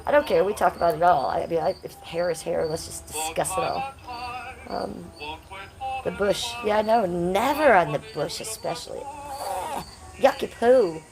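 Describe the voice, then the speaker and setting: A woman's voice: lowish voice, moderate pace, creaky, over music. A woman hosting a casual livestream, reading chat comments aloud in a brash, crude and playful way. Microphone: phone.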